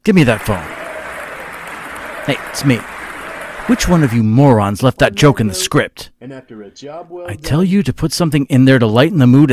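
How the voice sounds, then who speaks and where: A man's voice: medium pitch, a little mellow, lightly acted. A man doing an impression of a scheming male political aide who scolds his staff. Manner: irritable, scolding.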